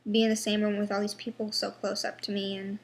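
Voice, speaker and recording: A young woman in a personal vlog, talking haltingly with many pauses and restarts, sounding frustrated and worn down. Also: medium pitch, completely flat delivery, creaky. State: unwell. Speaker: vlogger.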